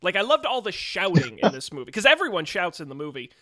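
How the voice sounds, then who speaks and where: A man co-hosting a casual movie podcast, telling jokey stories in an animated way. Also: high voice, quick pace, no echo, studio quality. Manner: animated, joking storyteller. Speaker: podcast co-host.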